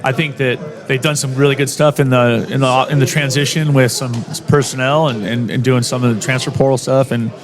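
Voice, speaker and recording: Man, middle-aged, football coach, upbeat, quick bursts, restarts, mid-pitched voice. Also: fairly even intonation, crowd noise. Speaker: college football head coach. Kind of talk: radio interview guest.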